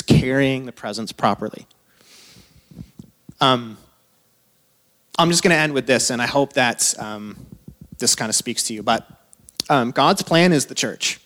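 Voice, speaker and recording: A man in his thirties who is a pastor, preaching a sermon in a casual, conversational way, full of asides and quick laughs. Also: medium pitch, a bit bright. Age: 30s.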